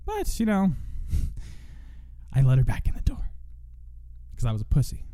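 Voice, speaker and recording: A man's voice: mid-range voice, huge pitch swings, measured pace, mellow. A young man hosting a solo podcast, venting in a profane, rambling monologue full of restarts. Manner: profane, rambling, self-interrupting. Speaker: podcast host.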